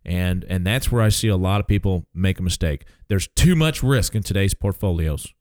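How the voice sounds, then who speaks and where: A man's voice: sits low, normal speed, a little mellow, no echo. A man in his sixties hosting a casual financial talk show as an advisor, speaking emphatically and tagging his points with "okay?".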